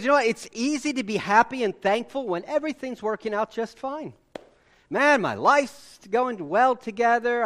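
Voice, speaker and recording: Animated, high-voiced male preacher. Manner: animated, conversational, rhetorical questions. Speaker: pastor. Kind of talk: sermon.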